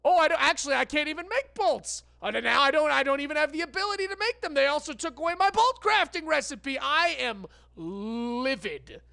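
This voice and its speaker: A woman's voice: sits high, animated, fairly quick, gravelly, few pauses, pushed and bright, no echo. A woman streamer giving live gameplay commentary, ranting with lots of swearing and stammered restarts. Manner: profane, exasperated ranting.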